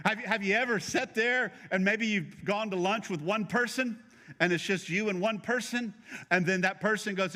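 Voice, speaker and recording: A man's voice: high-pitched, moderate pace, bright, forceful tone, in a large hall. A middle-aged male pastor preaching a sermon in a conversational, joking way, teasing his congregation.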